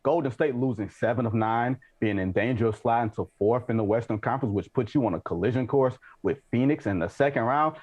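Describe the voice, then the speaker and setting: A man's voice: mid-range voice, a little fast, few pauses, a little mellow, breathy edge, muffled recording. A man giving blunt, emphatic opinions as a guest on a basketball talk show, mixing jokes into his arguments. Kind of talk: opinionated sports debate.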